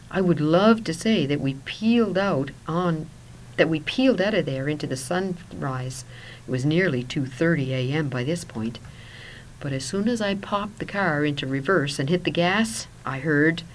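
A woman narrating a first-person story in a soft voice that at times drops to a whisper. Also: low voice, slight background noise, poor audio.

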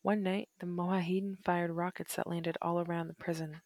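A woman narrating a first-person memoir in a measured, reflective reading style. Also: on the low side, flat delivery, a little mellow.

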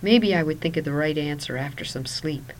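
Woman, low voice, first-person story narration, soft delivery, faint hiss behind. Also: fairly quick, vocal fry, low-quality recording.

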